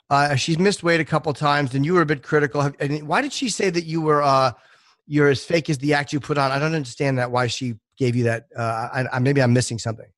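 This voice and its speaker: A man hosting an interview, asking halting questions full of fillers. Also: on the high side, fairly bright tone, no echo, clean studio sound. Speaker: interview host.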